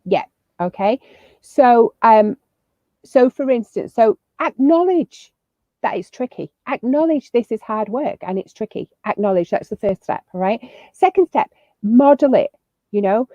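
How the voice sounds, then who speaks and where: Appearing as a guest on a video call, a woman hands out chatty, upbeat parenting advice, full of fillers and restarts. Her voice is fairly high and animated, with a dark tone and an unhurried pace. The recording is dry, and the lo-fi audio sounds slightly muffled.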